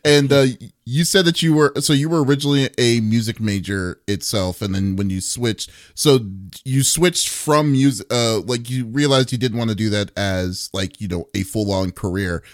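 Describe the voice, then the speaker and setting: Man asking halting questions. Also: mid-range voice, no echo, clean studio sound. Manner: hesitant questions with restarts. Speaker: interviewer. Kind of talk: casual interview.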